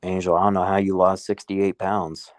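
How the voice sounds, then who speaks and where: A man with a fairly low voice tells a story on a casual podcast. He swears constantly and gets more heated as he goes. His voice sounds dry and close, with almost no room echo. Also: flat delivery, normal speed. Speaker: podcast co-host. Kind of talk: casual chat.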